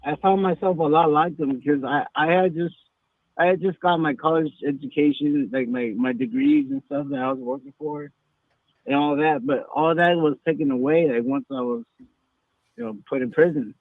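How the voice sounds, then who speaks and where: A man in his thirties from Texas calls in and talks in a rambling, hesitant way. His voice is fairly high and gravelly, and it comes through a thin, tinny phone line. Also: animated, normal speed, no room sound. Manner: rambling, hesitant, many fillers. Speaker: caller. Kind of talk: casual phone-in talk.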